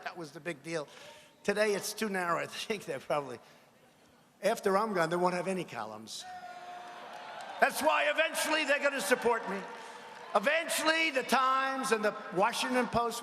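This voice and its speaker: A man with a high, bright voice speaks from a podium mic in a large arena. He rambles and mocks his rivals, stopping often to ask the crowd for agreement. His voice carries through a long echoing hall over faint crowd noise. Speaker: politician at a rally. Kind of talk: campaign rally speech.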